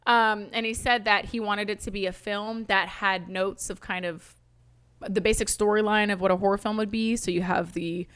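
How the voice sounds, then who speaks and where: A woman's voice: mid-range voice, steady tone, moderate pace, a bit bright, clean tone, no room sound. A young woman co-hosting a casual podcast chat, laid-back and hedging as she explains things. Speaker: podcast co-host.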